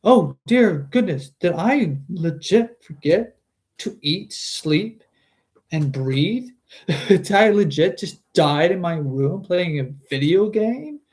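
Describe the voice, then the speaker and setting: A man's voice: sits high, takes it slowly, long pauses, darkish tone, voice pushed up. Man doing a flustered young gamer. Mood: incredulous. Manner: rising, incredulous exclamations.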